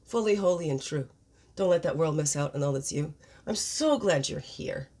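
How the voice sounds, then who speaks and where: A woman's voice: sits low, expressive, moderate pace, a little mellow. A woman hosting a daily spiritual card reading, reflective and encouraging, asking her listeners many questions. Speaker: spiritual guidance host.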